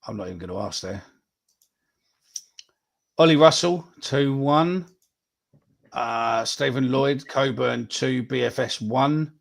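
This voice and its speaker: A man's voice: mid-range voice, takes it slowly, creaky, pauses often. A man, hosting a casual live podcast chat, swearing freely as he reads out viewer predictions. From England. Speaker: podcast host.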